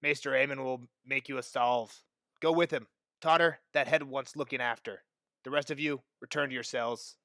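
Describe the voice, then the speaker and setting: A man voicing a gruff, booming middle-aged armorer who gives stern commands in a podcast table read. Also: steady tone, moderate pace, a bit bright, no echo, clean studio sound, natural voice.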